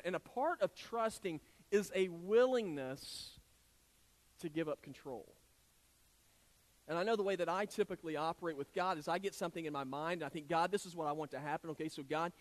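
A man preaching a sermon. His voice sits a little higher than most men's. He talks in an earnest, conversational way, often restarting his sentences as he goes. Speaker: pastor.

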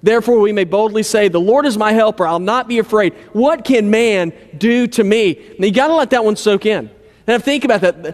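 A male pastor delivers a sermon with a notably high-pitched voice. He talks in a relaxed, conversational manner, often sinking to a low, soft voice to drive a point home. The sound carries a long reverb, as in a large hall. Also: a little fast. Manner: conversational preaching, dropping low and quiet for emphasis.

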